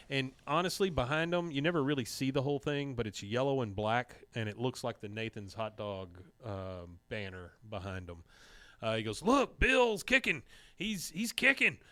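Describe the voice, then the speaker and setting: Man retelling cartoon scenes in a dry, smooth voice. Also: mid-range voice, fairly even intonation, moderate pace, fairly bright tone, dry recording. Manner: retells scenes, briefly mimicking characters' lines. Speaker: podcast host recapping episodes. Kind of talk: casual recap.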